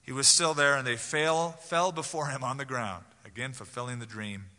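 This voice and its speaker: Casting: male pastor, animated sermon storytelling, tense bright tone, church reverb. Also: mid-range voice, moderate pace. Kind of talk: expository sermon. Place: church sanctuary.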